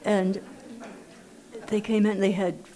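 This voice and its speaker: A woman's voice: mid-range voice, flat delivery, takes it slowly, warm tone. An older woman from Los Angeles telling her recovery story at a meeting, with dry humor. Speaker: AA speaker. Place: meeting hall.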